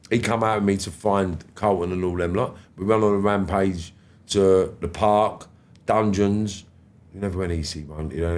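A man's voice: sits low, darkish tone. A middle-aged man with a London accent, a podcast guest retelling events in blunt street slang with plenty of swearing. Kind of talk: casual storytelling.

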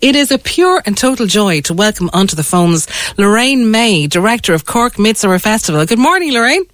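A woman's voice: medium pitch, sing-song, a little fast, no echo. A woman hosting a local radio show, enthusiastic and gushing as she talks to listeners and guests. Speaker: radio host. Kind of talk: bright local radio presenting. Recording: dry studio sound.

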